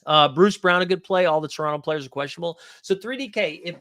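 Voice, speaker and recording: A man hosting a live fantasy basketball stream, fast-talking, loose and profane, answering viewers' questions and thinking his picks through aloud. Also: a little high, fairly bright tone, no room sound, studio quality. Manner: fast-talking, says so himself. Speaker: fantasy sports streamer host.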